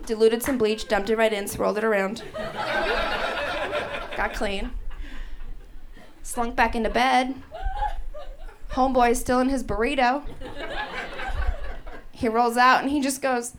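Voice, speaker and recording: High-voiced woman hosting a comedy show. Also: measured pace, long pauses, heavy background noise. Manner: animated, laughing through her stories. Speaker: stand-up host. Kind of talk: stand-up comedy. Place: comedy club stage. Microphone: handheld stage mic.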